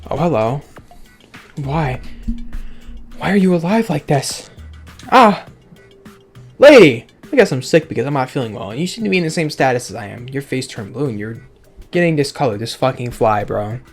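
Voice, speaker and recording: A man's voice: mid-range voice, animated, a little fast, a little mellow. A man giving casual, sarcastic commentary with frequent swearing as he reacts aloud to a game's dialogue. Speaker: let's play gamer. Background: faint game music.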